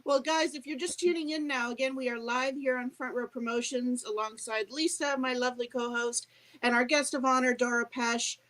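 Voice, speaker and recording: A woman's voice: high voice, fairly even intonation, normal speed, a bit bright, poor audio. A woman co-hosting a live online show, upbeat, reading out viewer comments and steering the talk.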